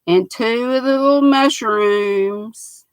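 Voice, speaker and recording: A woman's voice: a little high, slow pace, dry recording, poor audio. An older woman, hosting a livestream in a folksy, chatty way, reading out comments from her viewers. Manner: folksy, chatty, laughs often. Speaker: livestream host.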